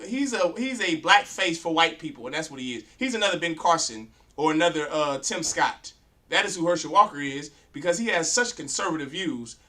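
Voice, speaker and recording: A man lectures a class like a street preacher, his voice pitched high and ringing bright. He is blunt and crude, throwing rhetorical questions at the room and demanding answers. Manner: confrontational, fires rhetorical questions at students. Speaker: class teacher.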